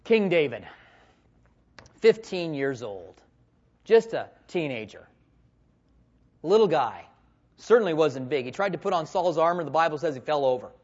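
A man in his forties preaching a sermon with passion, swinging between loud calls and hushed asides. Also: a little high, very animated, normal speed, long pauses, dull audio. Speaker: pastor.

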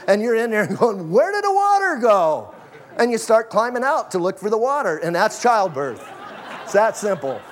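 A man's voice: high-pitched, animated, moderate pace. A pastor preaching a sermon in a casual, conversational way, acting out the people in his stories with slang. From Arizona.

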